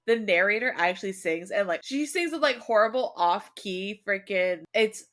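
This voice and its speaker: Woman book podcast cohost, excited chatty talk, voice swoops up and down. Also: medium pitch, moderate pace. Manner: expressive, enthusiastic. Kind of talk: casual chat.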